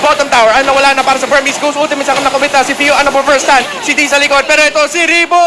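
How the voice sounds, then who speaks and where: A man with a Filipino accent doing excited, shouting play-by-play commentary on an esports match. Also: very high voice, racing, a crowd in the background, background noise. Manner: shouting and hyped at the climax. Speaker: esports caster.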